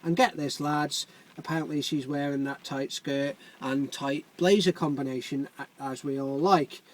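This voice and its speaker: A man's voice: on the high side, fairly even intonation, normal speed, dry recording, voice pushed down, lightly acted, rough recording. A man voicing a brash, jovial male building site foreman, full of crude laddish banter.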